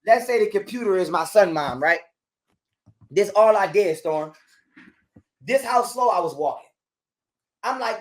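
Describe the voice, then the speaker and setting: The guest's voice sits high and sounds animated as he fires off his heated personal story on the call. It's fast, full of street slang, and heavily profane.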